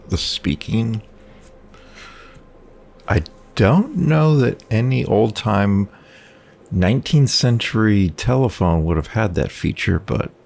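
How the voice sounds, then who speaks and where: With a lowish, slightly mellow voice and some vocal fry, a man plays a game at home and comments casually. He rambles in a wry way, talking back to the characters on screen.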